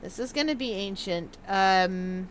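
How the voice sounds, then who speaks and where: A woman's voice: mid-range voice, a little slow, a little hiss or hum. A young woman casually commenting as she plays a video game, playful and chatty, sometimes reading notes aloud in a mock old-fashioned manner. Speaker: gaming video host. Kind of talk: casual let's-play commentary.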